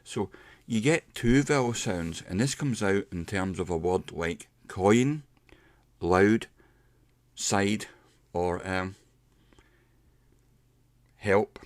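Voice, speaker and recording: A middle-aged man giving a casual pronunciation lesson, explaining step by step and slowing down to demonstrate sounds. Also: sits low, no echo. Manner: unhurried, explains step by step with slowed demonstration words. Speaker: English pronunciation teacher.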